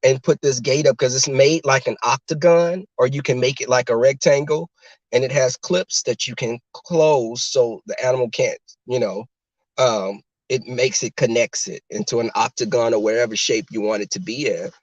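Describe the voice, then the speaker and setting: Man hosting a casual car livestream, talking straight to the chat, mid pitch, slightly muffled dry audio. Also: fairly even intonation, normal speed, no echo. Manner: chatty, talks straight to the chat. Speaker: livestream host chatting with viewers.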